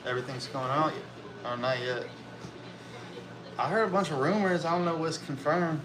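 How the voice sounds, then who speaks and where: A man co-hosting a casual chat, relaxed and asking questions with some swearing. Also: fairly high pitch, normal speed, over music, rough recording. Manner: laid-back, swears, asks questions.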